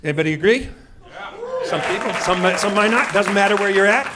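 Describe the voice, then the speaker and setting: This middle-aged comedian from Seattle works a comedy club crowd with brash, mock-indignant punchy rhetorical questions. His high voice is fairly quick with lively intonation, and the live recording carries loud laughter and room noise.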